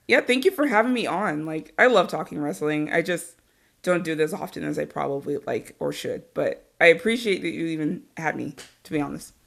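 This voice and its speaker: A woman from Arizona, a guest on a podcast, chatting casually and telling stories in an animated way, laughing often and swearing freely. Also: fairly low pitch, gravelly. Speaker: podcast guest, wrestling interviewer.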